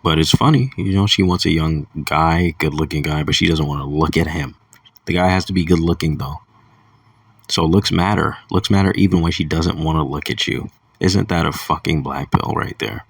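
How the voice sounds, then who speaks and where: A man's voice: extremely low pitch, moderate pace, creaky, slightly rough, no room sound, far from the mic. A young man talking in a crude, rambling casual monologue, chuckling between thoughts. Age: young adult. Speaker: vlogger.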